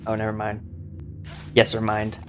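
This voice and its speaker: A man's voice: fairly low pitch, completely flat delivery, moderate pace, faint music behind. A young man giving casual, joking gameplay commentary, boastful and rambling with lots of filler words. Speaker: gaming YouTuber.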